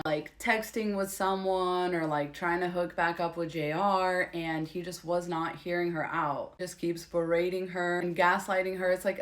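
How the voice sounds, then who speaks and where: A woman giving casual, opinionated commentary, blunt and sarcastic and swearing freely. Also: lowish voice.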